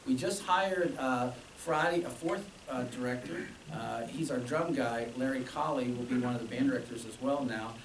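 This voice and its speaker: A man's voice: medium pitch, normal speed, few pauses. Man addressing alumni in an echoey room. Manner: chatty, with quoted dialogue and laughs. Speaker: band director. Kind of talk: informal speech to alumni. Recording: echoey room from far off, with noise.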